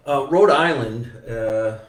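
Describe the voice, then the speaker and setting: A man with a New Jersey accent hosting a casual comedy podcast, loud and joking, swearing as he tells stories. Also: medium pitch, slow pace, distant mic. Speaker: podcast host. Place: basement room. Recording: echoey room.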